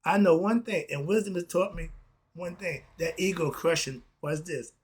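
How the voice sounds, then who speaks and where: Husky guy, kinda high voice, preaching casual and punchy, asks himself questions. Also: normal speed. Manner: emphatic, repetitive rhetorical questions, laughs often. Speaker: philosophy vlogger.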